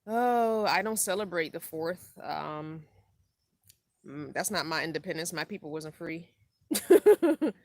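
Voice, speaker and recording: A woman's voice: deep voice, normal speed, fairly bright tone, no room sound. A middle-aged woman hosting a casual live stream, tired from lack of sleep, rambling laid-back and reading viewer comments aloud. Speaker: van-life vlogger hosting a live stream.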